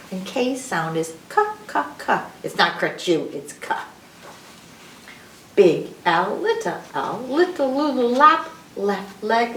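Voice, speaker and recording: In an echoey room, a distantly recorded woman librarian with a mid-range voice reads alphabet rhymes for little kids. She goes slowly in a sing-song style, sounding each letter out, over a faint hiss or hum.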